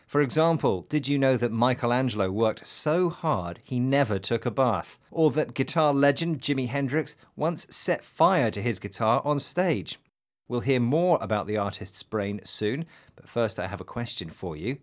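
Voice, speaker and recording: A man's voice: medium pitch, expressive, moderate pace. A man co-hosting an English learning program, presenting a script steadily and quizzing his co-host.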